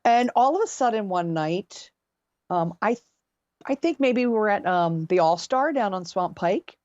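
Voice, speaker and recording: A middle-aged woman from near Philadelphia, a singer telling gig stories as a podcast guest, animated and chatty with many restarts. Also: medium pitch, moderate pace, dry recording, lo-fi sound. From near Philadelphia, USA. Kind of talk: casual storytelling.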